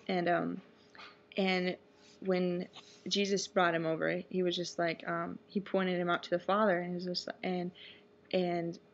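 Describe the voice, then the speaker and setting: A woman's voice: on the low side, gravelly, fairly bright tone. A young woman telling a rambling personal story in a casual vlog, full of fillers and little asides. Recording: dull lo-fi webcam audio.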